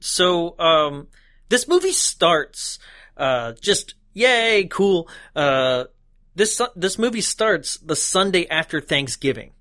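A man hosts a casual podcast, his voice sitting a little high for a man. He jokes around and breaks into laughter often while chatting loosely with his co-host. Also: very animated, slow pace, pushed and bright, no echo, studio quality.

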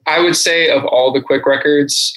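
Guy guest on a rap podcast, bright voice, picks his words, kinda analytical. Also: on the high side, fairly even intonation, normal speed, rough recording. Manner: thoughtful, self-correcting, analytical. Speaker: guest writer. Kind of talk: casual podcast interview.

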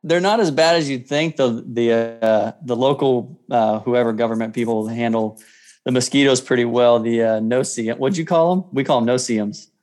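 Laid-back male guest, easy laugh, mid-range voice, unhurried chat. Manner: relaxed, low-key, laughs easily. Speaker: boat captain and guest. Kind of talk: casual interview chat.

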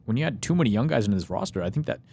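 Lowish-voiced man talking hockey. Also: animated, creaky, mellow, breathy edge. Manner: measured, thinking aloud, adds "right?". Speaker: radio show co-host. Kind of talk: casual sports radio chat.

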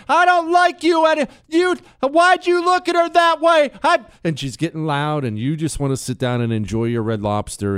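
A man hosting a political talk show, telling stories in an animated way and mimicking people in high voices. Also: smooth, no echo, clean studio sound. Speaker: radio talk show host.

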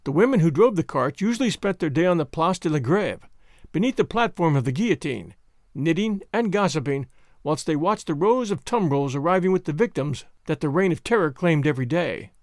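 A male audiobook narrator reads a classic novel in a fairly high voice with lively, expressive intonation. The sound is dry and close, with no room echo. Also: a little fast. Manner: expressive reading.

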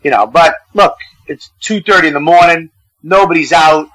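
A man's voice: a little high, moderate pace, no echo, poor audio. A man, a comedian guest, telling profane stories in a casual radio chat. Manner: profane, animated storyteller. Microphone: phone call-in.

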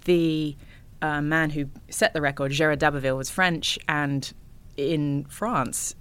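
A woman, an ocean rower, telling stories as a guest in a casual interview, animated and laughing often. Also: low-pitched, unhurried, clean tone.

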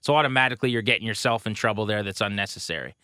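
Man, baseball podcast co-host, very bright voice, dry close sound, wry stat-heavy chat. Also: lowish voice, rapid-fire, clear, resonant tone, no room sound. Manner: rattles off stats, wry. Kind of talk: casual sports talk.

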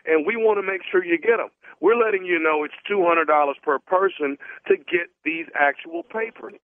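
Halting man on a prank phone call. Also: no room sound. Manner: earnest, halting sales pitch with many restarts. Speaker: prank caller posing as salesman. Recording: tinny phone line.

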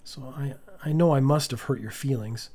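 A man doing a remorseful man who stumbles through a sincere apology, restarting his sentences. The voice has a husky, slightly rough edge, delivered at an everyday pitch. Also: moderate pace, a little mellow, close to an everyday voice. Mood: apologetic.

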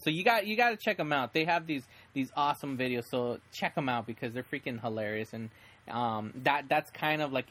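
A young man hosts a casual podcast in a mid-pitched voice. He rambles eagerly, restarting his sentences as he gives tips and recommendations. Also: a bit bright. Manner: rambling, enthusiastic tip-giving with restarts. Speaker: podcast host. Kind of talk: casual chat.

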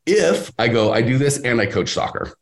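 A man in casual podcast conversation, giving business advice with an emphatic, animated delivery and playing out the voices he quotes. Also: mid-range voice, moderate pace, gravelly. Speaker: podcast host and business coach.

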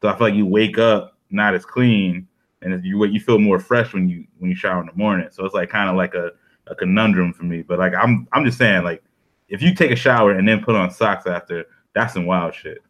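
A man's voice: sits low, brisk, fairly bright tone. A young man in casual podcast chat, rambling and self-deprecating, full of slang.

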